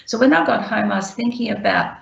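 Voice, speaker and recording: A woman's voice: on the high side, a little fast, creaky, a bit bright. A woman on a webinar telling stories from her care work, acting out the conversations she remembers. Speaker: guest speaker sharing care experiences. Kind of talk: anecdotal storytelling on a webinar. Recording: echoey and dull video call.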